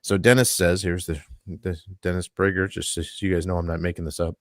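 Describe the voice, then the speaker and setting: A man with a low voice and little pitch movement speaks briskly as host of a live-stream talk show podcast. He earnestly reads a statement aloud and adds his own asides, recorded with dry, clean studio sound.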